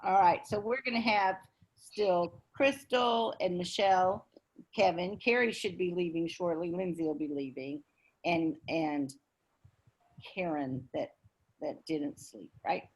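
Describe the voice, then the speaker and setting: A woman's voice: lowish voice, unhurried, husky. A woman with a Texan accent, leading a group video call in a folksy, chatty way.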